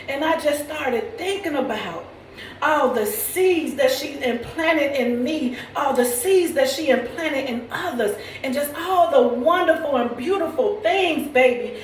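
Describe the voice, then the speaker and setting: High-voiced tearful woman, preacherly testimony. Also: roomy sound, far from the mic, a little hiss or hum, low-quality recording. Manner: preacherly, calls listener "baby", rises into near-shouting praise. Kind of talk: emotional testimony to camera.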